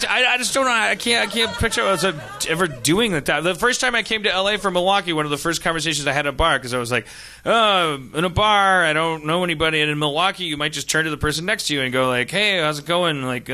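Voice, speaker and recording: A man's voice: fairly high pitch, pushed and bright. A man on a comedy podcast who riffs sarcastically and stammers through stories. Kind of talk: casual comedic storytelling.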